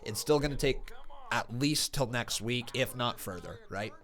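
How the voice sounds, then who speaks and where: A man hosting a casual live reaction stream. He chats with viewers and bursts into excited play-by-play shouts, and a sore tongue slightly alters his speech. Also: mid-range voice, moderate pace.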